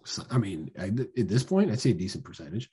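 A man's voice: lowish voice, big pitch swings, fairly quick, mellow, slightly rough. A man in his thirties co-hosting a casual chat podcast, telling stories loosely and cursing as he jokes. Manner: loose, profane, joking storyteller. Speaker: podcast co-host.

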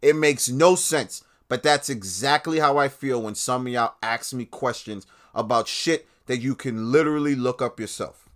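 A man hosting his own independent podcast, ranting with a lot of profanity, swinging between loud outbursts and low muttering. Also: moderate pace. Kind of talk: podcast rant.

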